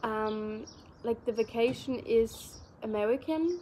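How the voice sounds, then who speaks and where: Young German-native woman, slightly high voice, loose rambling chat, faint noise behind. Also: takes it slowly, darkish tone. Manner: rambling, many fillers. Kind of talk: casual chat.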